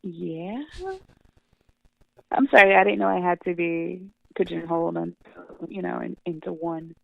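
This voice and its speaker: Woman interview guest, gravelly and animated, salty language, thin phone-line sound. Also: fairly low pitch, moderate pace, no echo. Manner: animated, swears freely, laughs often. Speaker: comic book writer, guest. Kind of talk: casual interview chat.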